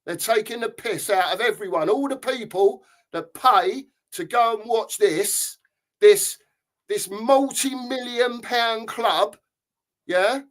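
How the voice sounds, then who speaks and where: High-voiced angry man ranting. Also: slow pace, fairly bright tone. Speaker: podcast host. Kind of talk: casual football chat.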